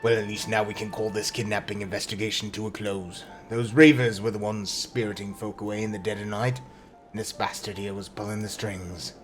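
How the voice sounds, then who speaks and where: A man's voice: fairly low pitch, little pitch movement, a little fast, lightly acted. A man voicing a hearty, blunt pirate captain in a mock Irish-British brogue, with faint game music behind.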